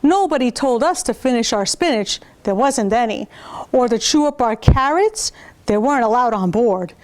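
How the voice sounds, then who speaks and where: A woman reading picture books aloud at a preschool storytime, pausing to point out pictures to her young listeners. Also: on the high side, lively intonation, darkish tone.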